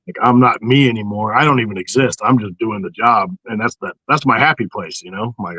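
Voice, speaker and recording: Guest type: foul-mouthed, animated man, casual chat, dry mic. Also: on the low side, a little fast, hardly any pauses, slightly rough, dry recording, rough recording. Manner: profane, animated storytelling with mocking inner voices.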